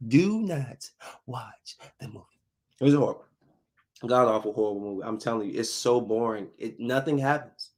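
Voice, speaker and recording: A man's voice: medium pitch, expressive, normal speed. A man hosting a casual solo podcast, talking bluntly and loosely, repeating himself and using slang. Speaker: podcast host.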